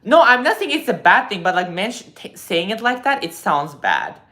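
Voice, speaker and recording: A man in his twenties reads viewer comments on a casual live stream and answers them in a lively, lecturing style packed with fillers. His voice sits high, and he talks at a moderate pace.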